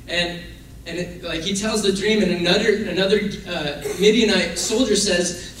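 A man's voice: high voice, normal speed, few pauses, fairly bright tone. A man preaching a casual, conversational sermon and acting out the people in his stories. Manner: casual, conversational, acts out quoted figures. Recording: very echoey room from far off, faint noise.

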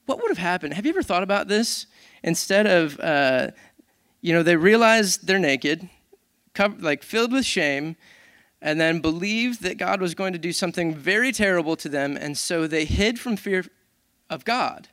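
A man who is a worship leader, giving a casual, animated sermon with self-deprecating humor. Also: high-pitched, moderate pace, no room sound, clean studio sound.

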